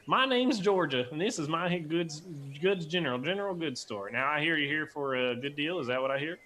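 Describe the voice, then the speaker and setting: A man's voice: fairly high pitch, lively intonation, moderate pace, sharp tone, voice pushed up. A man voicing a folksy male dwarf shopkeeper who talks in a put-on rural American drawl. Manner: hammy, rambling, sly.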